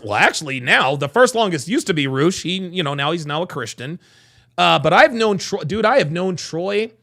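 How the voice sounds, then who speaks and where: A man hosting a casual livestream, reading chat and telling profane, animated stories. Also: sits high, vocal fry.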